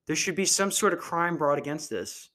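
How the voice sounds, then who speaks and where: Man, young adult, podcast host, dry deadpan delivery, dark comic rant. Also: a little high, normal speed. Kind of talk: dark comedy podcast monologue.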